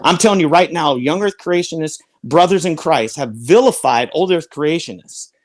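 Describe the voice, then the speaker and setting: A man's voice: fairly high pitch, moderate pace. A man who has been a pastor for thirty years, talking heatedly and indignantly in a debate, cutting in and ranting.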